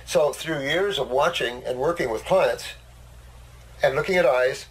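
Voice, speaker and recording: A man's voice: medium pitch, unhurried, low-quality recording. An older man hosting a casual talk, a blunt and boastful storyteller. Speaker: host. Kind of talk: casual conversation.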